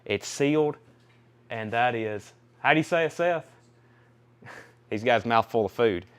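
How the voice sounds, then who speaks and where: Young guy running a live vinyl sale, smooth clear voice, reads off titles and prices nonstop. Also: medium pitch, animated, a little slow. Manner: chatty, rattles off titles and prices. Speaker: record store live sale host. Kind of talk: casual live sales stream.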